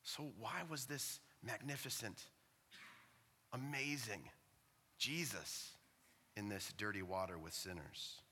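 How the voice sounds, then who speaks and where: Bright-voiced male pastor preaching. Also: lowish voice, takes it slowly, pauses often, breathy edge, big-room sound. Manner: impassioned, repeating questions. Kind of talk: sermon. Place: church.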